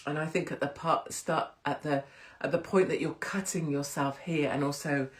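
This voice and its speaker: A woman's voice: deep voice, steady tone, normal speed. A middle-aged English woman chats straight into her phone as host of a casual livestream. She is blunt and talkative and swears freely as she tells a story. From England. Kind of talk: casual chat, livestream monologue.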